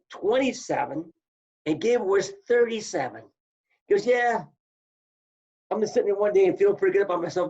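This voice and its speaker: A man, telling wrestling stories in casual chat and acting out the quotes. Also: sits high. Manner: animated storyteller, acts out quotes. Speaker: podcast guest, former wrestler. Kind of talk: casual storytelling. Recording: dull lo-fi audio.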